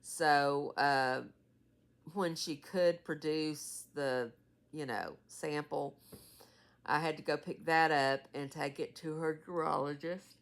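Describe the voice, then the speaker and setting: Low, slow-talking woman in her sixties. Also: fairly even intonation. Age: 60s. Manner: rambling, many fillers and trailing asides. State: tired, yawning. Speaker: caregiver for her mother. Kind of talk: casual vlog update.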